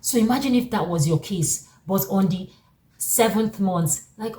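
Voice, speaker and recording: A woman's voice: on the low side, normal speed. Exhorting woman in an echoey room. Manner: animated, exhorting, repeats phrases for emphasis. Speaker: Christian motivational speaker. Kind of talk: preaching-style motivational talk. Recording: echoey room, distant mic, faint background noise.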